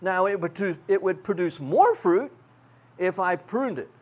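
An older pastor from Texas, preaching a sermon in a folksy, self-mocking way. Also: male voice, high-pitched, expressive, measured pace, darkish tone.

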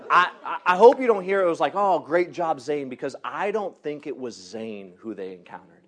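A man preaching by telling a personal story, animated, laughing often and acting out the people in it. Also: on the high side, normal speed. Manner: animated, laughs often, acts out others in quotes. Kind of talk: storytelling sermon.

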